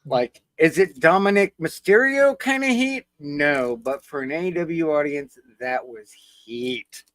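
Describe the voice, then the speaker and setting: Man, slow deliberate pace, wry asides, dry close sound. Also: on the high side, lively intonation, fairly bright tone, no room sound. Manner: laid-back, short backchannels and wry asides. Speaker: podcast co-host. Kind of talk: casual wrestling chat.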